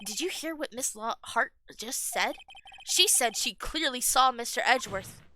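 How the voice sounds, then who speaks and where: A woman's voice: on the high side, animated, moderate pace, sharp tone, a little hiss or hum. A woman voicing an earnest young male defense lawyer pressing a witness, in a game playthrough. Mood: determined. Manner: firm, pressing objections.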